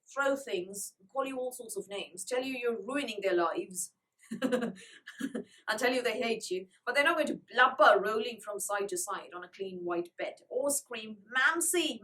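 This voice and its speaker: Brief: woman reviewer, casual and wry, fairly high voice, mic a little distant. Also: a little slow, fairly bright tone. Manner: wry, lightly sarcastic. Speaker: book reviewer. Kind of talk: casual book review, reading passages aloud.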